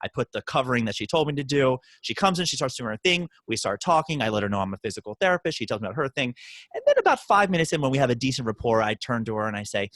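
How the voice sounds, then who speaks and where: Animated joking man telling a story. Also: mid-range voice, rapid-fire, dry recording. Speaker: podcast co-host. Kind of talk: casual storytelling chat.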